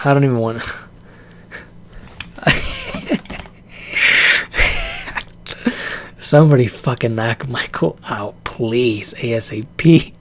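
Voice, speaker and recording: An exasperated man rants about a fight in casual, profane commentary, laughing between complaints. His voice sits at an ordinary middle pitch. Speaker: vlogger reacting to a fight.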